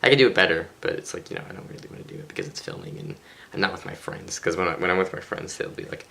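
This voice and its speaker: A man's voice: low voice, huge pitch swings, rapid-fire, gravelly, bright, forceful tone. A tired teenage boy rambling chattily through a casual daily vlog from his bedroom, poking fun at himself. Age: teens. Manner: rambling, chatty, self-mocking. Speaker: vlogger.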